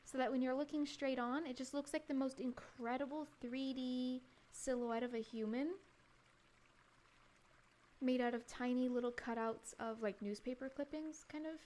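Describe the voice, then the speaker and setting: High-pitched giggly woman streamer, rambly casual chat about her photos. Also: fairly even intonation, moderate pace, darkish tone. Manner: giggly, laughs often between remarks; chatty, rambling, restarts phrases. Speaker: live streamer.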